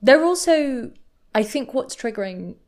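Animated woman podcast co-host. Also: sits high, unhurried. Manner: animated, laughing, acts out quotes. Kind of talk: casual chat.

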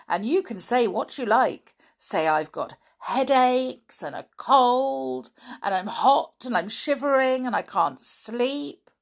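A woman's voice: a little high, expressive, slow pace, gravelly, pitched above the performer's own voice, full character voice. A woman voicing a mischievous, scheming male bunny in a children's storybook, cheeky and wheedling.

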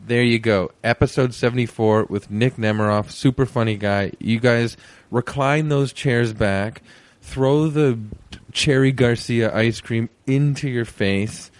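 A man's voice: mid-range voice, fairly even intonation, a little slow, few pauses, no room sound. A man hosting a podcast, introducing the episode in a rambling, joking way with many fillers. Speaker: podcast host.

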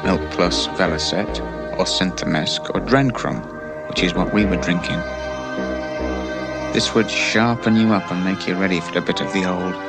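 An actor playing a sly, menacing young gang leader narrating a film voiceover over loud music. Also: male voice, deep voice, normal speed, creaky. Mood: sly relish. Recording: played with loud film score.

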